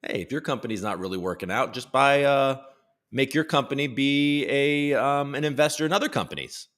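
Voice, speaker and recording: A man's voice: mid-range voice, a little fast, fairly bright tone. A man from the United States hosting a casual live stream from home, joking loosely and greeting chat viewers by name. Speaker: livestream host.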